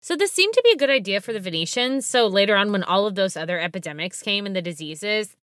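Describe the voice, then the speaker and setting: Bright jokey woman podcast co-host. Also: mid-range voice, dry recording, clean studio sound. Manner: jokey, animated, quick reactions. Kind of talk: casual history chat.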